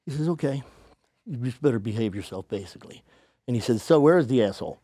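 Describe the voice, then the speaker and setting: A man, a podcast guest, telling a story casually and acting out the people he quotes in a higher voice. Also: lively intonation, fast talker, dark tone, breathy edge, no room sound, studio quality. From United States.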